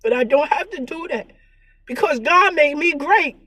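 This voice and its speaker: A woman's voice: high voice, animated, normal speed, fairly bright tone, dry recording. A tearful woman vlogger talking in an earnest, preachy monologue about faith and herself, often repeating her words. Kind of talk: emotional spiritual vlog monologue.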